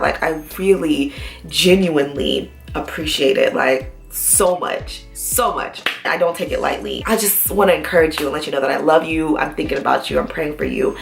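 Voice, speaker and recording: A woman's voice: low voice, vocal fry, roomy sound. A woman vlogging to her subscribers, speaking in a casual, heartfelt way with nervous chatter and fillers. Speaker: YouTube vlogger. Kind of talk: casual heartfelt talk to camera.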